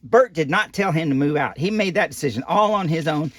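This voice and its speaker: A man's voice: fairly high pitch, animated, fairly quick. A man voicing a folksy old animatronic doll who reads a children's picture book aloud with rambling asides and loose grammar. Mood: chatty.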